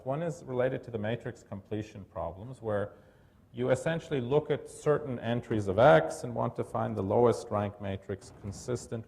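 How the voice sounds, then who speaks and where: A middle-aged man giving a technical lecture at an academic workshop, talking thoughtfully and pausing often with fillers and restarts. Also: mid-range voice, vocal fry, a little mellow. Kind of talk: academic conference talk.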